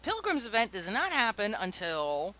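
A woman's voice: mid-range voice, huge pitch swings, moderate pace, sharp tone, a little hiss or hum. A woman co-hosting a casual gaming podcast, playfully grumbling and laughing often. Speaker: podcast co-host.

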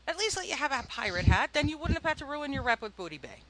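A woman's voice: high-pitched, big pitch swings, fast, crowd noise. A woman co-hosting a casual gaming podcast, playfully grumbling and laughing often. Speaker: podcast co-host.

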